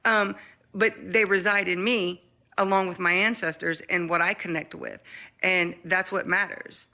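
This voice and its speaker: A woman's voice: on the low side, fairly even intonation, measured pace, creaky, pushed and bright. A woman hosting a casual group discussion, talking in an earnest, reflective and emphatic way over background noise on her mic. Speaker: podcast host.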